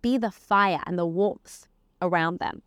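A woman with a lowish, clear, resonant voice gives a casual spoken lesson on the weekly Torah portion, unhurried and conversational. She weaves Hebrew terms and verses into her explanation. The studio sound is clean with no echo.

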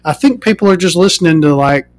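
A man's voice: a little high, lively intonation, quick pace, lightly acted. A man playing a crude, complaining woman who hosts a podcast, rambling with fillers and swearing. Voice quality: rambling, profane, full of fillers. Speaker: podcast host. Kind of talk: improvised comedy monologue.

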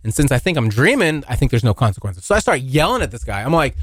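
A young man tells a rambling, profane story on his own podcast, his pitch swinging widely as he acts out the scenes. The sound is dry and close, with little room behind him. The talk stays loose and casual. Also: fast talker, few pauses, breathy edge, dry recording. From Washington State, US. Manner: rambling, profane, animated when acting out scenes. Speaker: podcast host.

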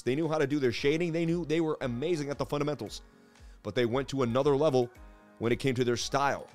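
A hyped male crypto host runs through the charts at a medium pitch, his talk building to preachy highs. Soft music plays faintly underneath. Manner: hyped, preachy, says "baby" often. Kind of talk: live market analysis chat.

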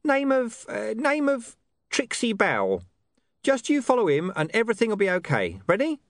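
A man voicing a secretive male informant who speaks in a gruff, hurried way. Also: high-pitched, wildly swooping pitch, dry recording, studio quality, voice pushed up, full character voice. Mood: furtive.

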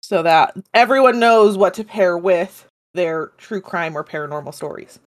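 A woman's voice: on the low side, expressive, normal speed, no room sound, clean studio sound. A woman co-hosting a podcast, chatting casually with a teasing, sarcastic edge. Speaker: podcast co-host. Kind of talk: casual chat.

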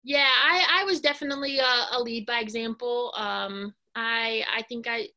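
A woman in her thirties who played college basketball and now coaches answers questions in a casual interview. Her voice is fairly high, and she speaks softly and hesitantly, with many pauses and fillers.

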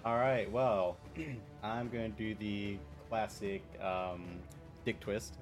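A man's voice: fairly low pitch, fairly even intonation, takes it slowly, soft background music. A man playing a tabletop game, chatting casually and cracking crude jokes. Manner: crude joking. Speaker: player.

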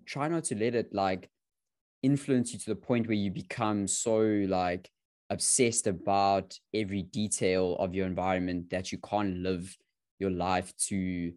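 A man's voice: low-pitched, steady tone, measured pace, a little mellow, no echo, studio quality. A man co-hosting a podcast in casual chat, often restarting and searching for the right word. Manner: searching for words, repeats and restarts. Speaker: podcast co-host.

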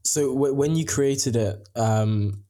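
A man's voice: medium pitch, slow, mellow. A young man hosting a podcast, asking questions hesitantly with many fillers. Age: young adult. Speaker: podcast host. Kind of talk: casual interview questions.

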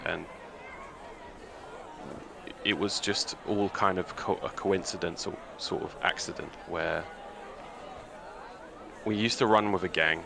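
A man voicing a guarded young man on the run, speaking in a halting, subdued way during a tabletop game. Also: sits low, vocal fry, background noise. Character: guarded young man fleeing a gang past. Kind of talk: tabletop game role-play.

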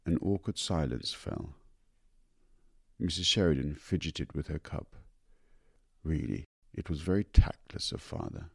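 A man narrating an audiobook of a short story in a measured, unhurried manner. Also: rumbling low, gravelly, husky, no echo, studio quality.

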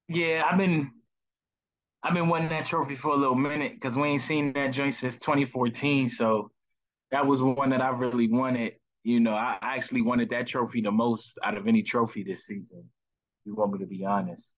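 A man joining a podcast as a guest, talking in a relaxed, slangy and happy way. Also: mid-range voice. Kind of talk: casual chat. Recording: slightly muffled audio.

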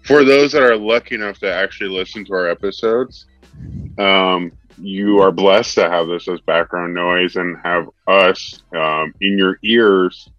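A young man co-hosting a podcast, chatting casually and joking in a deadpan way. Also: deep voice, measured pace, no room sound, faint music behind. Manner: deadpan, dry jokes. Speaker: podcast co-host. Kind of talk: casual chat. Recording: dull, muffled dry sound.

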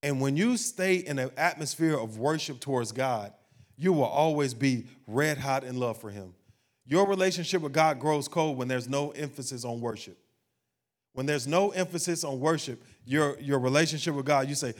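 A man's voice: medium pitch, moderate pace. A man pastor preaching a sermon, building to emphatic, rising peaks and asking the congregation questions.

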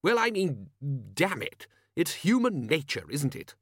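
A man voicing a blustering older male wizard head who talks loud and hearty. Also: medium pitch, expressive, normal speed, no echo, clean studio sound, close to an everyday voice.

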